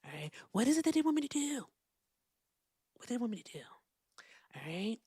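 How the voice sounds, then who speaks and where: A woman's voice: a little high, very animated, a little fast, mellow, husky, dry recording, voice pushed up, exaggerated voice. A woman doing a half-whispered impression of a boastful, whiny older male politician who keeps repeating "all right?". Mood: boastful, whining.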